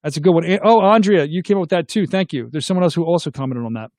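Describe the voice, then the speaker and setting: A middle-aged man hosts a casual live chat, reading viewer comments aloud and tossing questions back to his audience. His voice sits fairly high for a man. The sound is close and dry. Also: racing, darkish tone, no room sound. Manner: chatty, reads comments aloud and asks viewers to weigh in.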